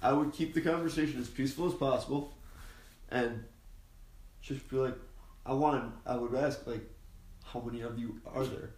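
A man's voice: mid-range voice, fairly even intonation, normal speed, long pauses, a little mellow, reverberant. A man in casual chat, blunt and swearing, laughing as he talks.

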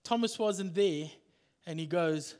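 Slow-speaking, high-voiced male pastor. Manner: animated storytelling, acts out scenes. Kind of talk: sermon.

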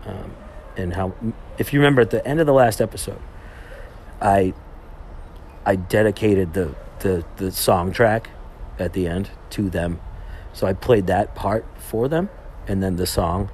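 A young man with a low-pitched voice chats through his podcast in a loose, meandering way. He restarts his sentences often and leans on fillers as he goes. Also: measured pace, long pauses, a little mellow, a little hiss or hum. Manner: rambling, heavy on fillers and restarts. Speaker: podcast host. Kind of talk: casual monologue, retelling a trip.

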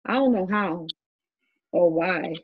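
A woman's voice: fairly low pitch, slow, slightly rough, no room sound, lo-fi sound. A woman with a New York accent co-hosting a podcast, speaking frankly and teasingly in casual chat. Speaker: podcast co-host.

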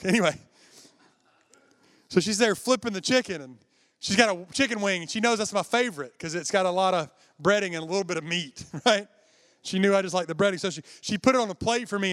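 A man's voice: sits high, fairly bright tone. A man preaching a sermon, telling a personal story in a conversational way and speaking directly to the congregation. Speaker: pastor.

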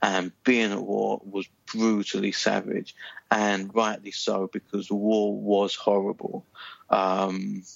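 Gravelly man chatting casually. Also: on the low side, completely flat delivery, slow, dry recording, muffled recording. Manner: enthusiastic, rambling with many fillers. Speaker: podcast co-host. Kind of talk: casual chat.

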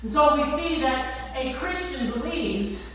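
A woman pastor with a high, fairly bright voice delivers a sermon slowly and emphatically, stretching out the ends of her lines. She's captured from far off in a large church hall, where a long, echoing reverb and faint room noise surround her.

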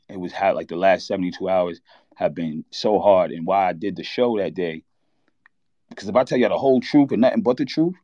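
A man hosting a sports talk show, telling a candid, halting story of losing his cousin. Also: sits low, darkish tone, dry recording, lo-fi sound. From New York. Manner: candid, halting, reliving a loss. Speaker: podcast host.

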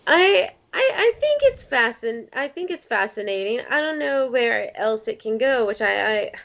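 A woman's voice: on the high side, very animated, moderate pace, gravelly, fairly bright tone, dull audio. A woman in casual podcast chat, talking in long rambling runs full of "like". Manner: rambling, heavy use of "like".

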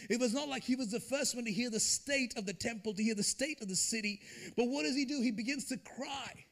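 A man preaching a sermon at a church service, conversational and animated, slipping into acted asides and building to emphatic peaks. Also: very high-pitched, a little fast. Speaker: pastor.

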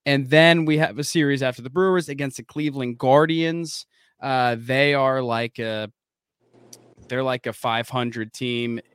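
A man co-hosting a sports podcast, chatting casually in an excitable, rambling way. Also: mid-range voice, a little slow, clear, resonant tone, no echo, studio quality. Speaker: podcast co-host.

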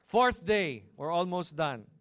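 A middle-aged man with a Filipino accent preaching a sermon, asking the congregation "Amen?" and moving between loud and hushed delivery. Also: a little high, animated, takes it slowly, no echo. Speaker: pastor. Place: cinema hall used as a church.

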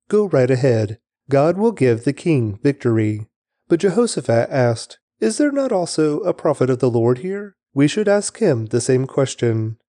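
A man reads scripture aloud in a lively, rising and falling delivery, with a mellow, darker tone to his voice. The sound is dry and close, with no room around it. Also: medium pitch, no room sound. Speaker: Bible reader.

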